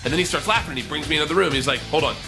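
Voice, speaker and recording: A man telling a wild comedy story, animated and profane, acting out the quotes. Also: a little high, very fast, music in the background.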